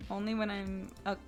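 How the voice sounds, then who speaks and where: Giggly rambling woman with a Jersey accent. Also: mid-range voice. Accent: New Jersey. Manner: rambling, laughs often, many fillers. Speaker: tabletop game player. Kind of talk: casual chat.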